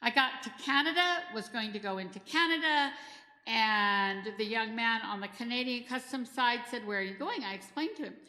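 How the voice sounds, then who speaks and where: Middle-aged woman teaching a volunteer class, chatty and practical, bright slightly high voice, big echoey church hall. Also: moderate pace. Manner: chatty, practical, tells personal anecdotes. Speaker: disaster response trainer. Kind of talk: informal training talk. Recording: echoey hall with long reverb.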